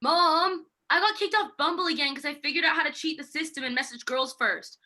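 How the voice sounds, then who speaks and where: Woman as giggly bro son, high and bright, webcam sketch. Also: brisk. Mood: goofy. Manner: goofy, giggly bro talk. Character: smug frat-bro son. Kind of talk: amateur comedy sketch over video call.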